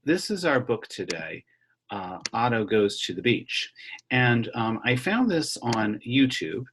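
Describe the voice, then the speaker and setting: A middle-aged man teaching elementary music over a video call, reading a picture book aloud and explaining rhythms slowly and patiently to children. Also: medium pitch, big pitch swings, a bit bright, slight background noise. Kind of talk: online music lesson with read-aloud. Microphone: computer mic on a video call.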